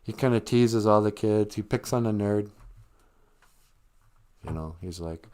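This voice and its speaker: A man's voice: on the low side, unhurried, pauses often, warm tone, clear, resonant tone. Rambling man telling a story. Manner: rambling, joking, conversational. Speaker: livestream host. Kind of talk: casual storytelling.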